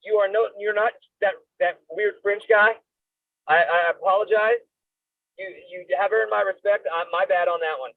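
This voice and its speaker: High-voiced man on a tinny line. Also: steady tone, normal speed, gravelly, dry recording. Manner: loose, joking, swears casually. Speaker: podcast co-host. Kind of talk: casual sports chat. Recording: tinny phone-like sound.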